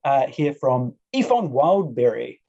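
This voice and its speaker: A man narrating as game master of a tabletop game, talking in a casual, halting way. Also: mid-range voice, sing-song, vocal fry, dark tone, lo-fi sound. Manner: casual, halting, with fillers and laughs.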